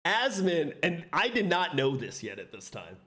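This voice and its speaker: High-voiced man telling stories on stream. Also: moderate pace. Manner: animated storytelling, laughs often, swears. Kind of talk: casual chat reacting to a video.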